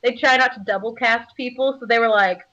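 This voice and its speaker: A woman's voice: a little high, fairly quick, bright, forceful tone. A woman voice actor chatting casually in an interview, bubbly, laughing often and using plenty of filler words. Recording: slightly muffled audio.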